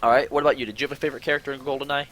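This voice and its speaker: A man's voice: mid-range voice, racing. A man hosting a casual online show, chatting and telling stories with frequent restarts and swearing. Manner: animated, swearing, rambling with restarts. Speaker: podcast host. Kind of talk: casual chat on a call.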